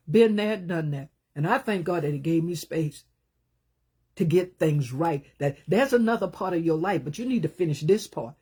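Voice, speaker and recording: A woman preaching a sermon, talking with passion and emphasis, rising into loud bursts and then dropping to hushed, low asides. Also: expressive, moderate pace, slightly rough.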